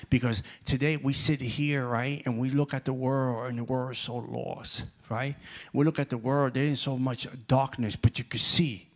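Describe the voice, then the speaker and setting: A man preaching as a guest in a church at an everyday middle pitch. He talks in an animated way and his voice climbs as he tells a story. He repeats words and starts sentences over. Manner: animated, voice rising when telling stories; repeats words and restarts often. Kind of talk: sermon. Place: church hall.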